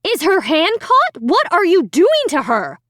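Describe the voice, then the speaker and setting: In a full character voice pitched above her own, a woman plays an angry, frantic mother impatiently demanding answers. Her voice is high with huge pitch swings, yet she takes it slowly, and the sound is clean studio audio with no echo.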